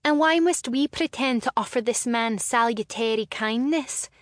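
A woman voicing a sharp-tongued, defiant young noblewoman in a storybook reading. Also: a little high, no room sound, studio quality, pitched above the performer's own voice, close to an everyday voice. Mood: defiant, mocking. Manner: scornful, quick, mocking.

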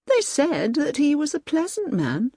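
A woman voicing a weary male security official in an audiobook reading, measured and level. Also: high voice, huge pitch swings, dark tone, no room sound, studio quality, voice pushed up, heavily acted.

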